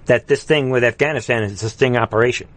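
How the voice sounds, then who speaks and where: A man hosting live political commentary in a heated, mocking, rapid ranting manner. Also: mid-range voice. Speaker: host.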